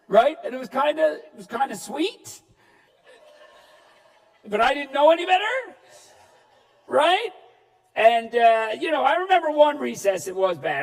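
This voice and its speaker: A man giving a comedic keynote talk, telling stories in an animated way and shouting punchlines. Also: very high-pitched, recorded from a distance. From Newfoundland, Canada. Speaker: keynote speaker. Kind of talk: comedic storytelling speech. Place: large hall before an audience. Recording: reverberant hall, speaker off-mic.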